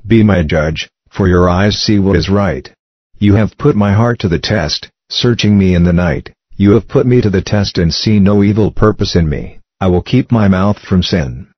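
A man reciting psalms in a steady, measured reading. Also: deep voice, no echo, highs cut off. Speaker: scripture reader.

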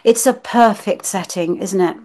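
A British woman of medium pitch interprets dreams on a podcast. She explains in a gentle, measured way and often ends her points with a tag question. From Britain. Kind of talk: casual chat, explaining.

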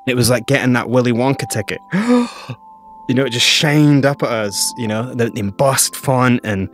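A man from Scotland with a Scottish accent, telling a lively story as an interview guest and acting out the quotes. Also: medium pitch, normal speed, soft background music. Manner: animated storyteller, acts out quotes.

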